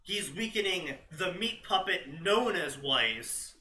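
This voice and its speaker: Bright-voiced sarcastic man reading fanfiction. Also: sits high, expressive, slow, slight background noise, poor audio. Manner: exasperated, sarcastic, often laughing. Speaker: fanfiction reading show host. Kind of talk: sarcastic commentary and reading aloud.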